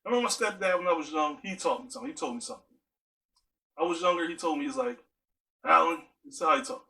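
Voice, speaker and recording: A man's voice: a little high, expressive, rapid-fire, pushed and bright, low-quality recording. A man giving an earnest spoken monologue, driving his points home with strings of rhetorical questions.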